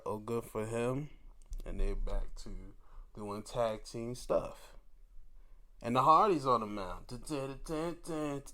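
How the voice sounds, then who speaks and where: A young man giving a casual, animated solo recap, laughing often and acting out quotes in put-on voices. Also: medium pitch. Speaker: wrestling review host.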